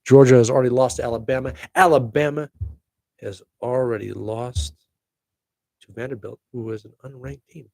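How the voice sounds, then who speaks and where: A middle-aged man hosts a casual solo podcast, talking in a chatty, upbeat way and tossing in jokey asides. His voice has a gravelly edge and sits at a middle pitch. The sound is dry and close, with no room echo. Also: a little mellow. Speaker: podcast host.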